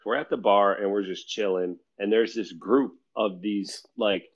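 A man's voice: lowish voice, fairly even intonation, a little slow. A man telling a trip story in casual podcast talk. He acts out quotes and laughs often. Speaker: storyteller in a group chat. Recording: dull lo-fi sound.

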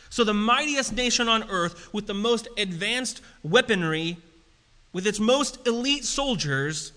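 A man preaches in a casual, conversational manner that turns animated and emphatic. His voice sits high for a man and sounds bright and forceful, and a long reverb trails each phrase through the hall. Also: measured pace. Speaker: pastor. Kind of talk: sermon.

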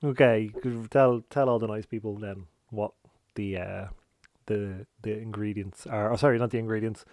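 A man's voice: on the low side, steady tone, normal speed, a little mellow, no echo, clean studio sound. A man hosting a podcast, chatting casually and playfully, often swearing. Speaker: podcast host. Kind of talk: casual chat.

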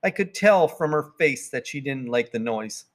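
A man narrating a children's storybook in a plain, even read-aloud manner. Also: medium pitch, normal speed. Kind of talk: storybook reading.

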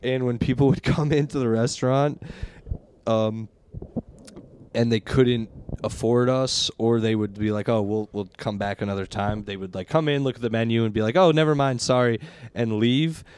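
A man hosting a loose comedy podcast, laughing his way through stories from old jobs. His voice sits at an ordinary middle pitch. He keeps chatting with his friends, breaking into laughter as he goes. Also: steady tone, moderate pace, a little mellow, clean tone. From from Connecticut area. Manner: laughs often while telling stories. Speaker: podcast host. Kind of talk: casual comedy chat.

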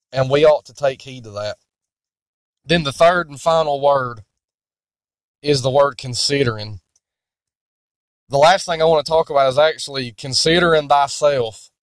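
A man preaching in a sermon-style Bible teaching, deliberate and emphatic. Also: medium pitch, no echo.

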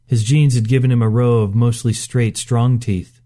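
Mellow-voiced male story narrator. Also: medium pitch, steady tone, moderate pace. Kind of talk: scripted narration.

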